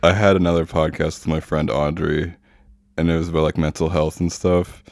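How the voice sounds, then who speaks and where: Low gravelly-voiced man, dry teasing. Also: level tone, brisk, no room sound. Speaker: podcast host. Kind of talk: casual chat. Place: Philadelphia.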